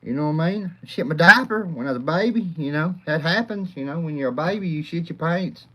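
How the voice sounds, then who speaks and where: Rowdy man, lively swooping voice. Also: fairly high pitch, fast talker, lo-fi sound. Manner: crude, profane, rowdy, laughs a lot; talks to chat by name. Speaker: livestream host. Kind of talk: rambling live chat.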